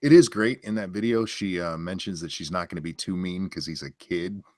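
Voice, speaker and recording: A man's voice: sits low, brisk, darkish tone, dry recording, clean studio sound. A man in a casual online chat, joking crudely and openly.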